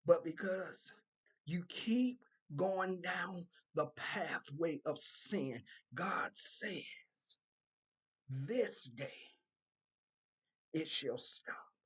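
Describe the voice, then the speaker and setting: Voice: mid-range voice, expressive, slightly rough. A content creator delivering a prophetic warning message, repeating phrases emphatically as they relay what God says. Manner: slow, repetitive, emphatic delivery relaying God's words.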